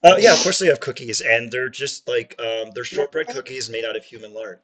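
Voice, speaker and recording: A man's voice: mid-range voice, a little fast. Guy running a tabletop game, describing gross stuff gleefully, laughs a lot. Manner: animated, laughing, gleefully grotesque. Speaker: game master. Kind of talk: improvised tabletop narration.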